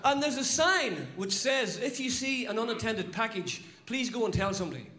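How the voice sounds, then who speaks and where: A man with a Northern Irish accent doing an animated stand-up routine, bursting into shouts. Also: extremely high pitch, moderate pace. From Northern Ireland. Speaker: stand-up comedian. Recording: live set with loud audience laughter. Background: audience laughter.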